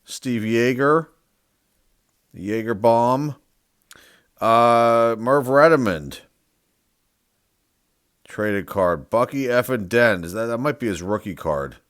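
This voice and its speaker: Man, low voice, casual card-opening chat, rambling and hesitant, dry close sound. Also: dry recording. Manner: rambling, unsure, thinks aloud, reads off player names. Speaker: sports card collector.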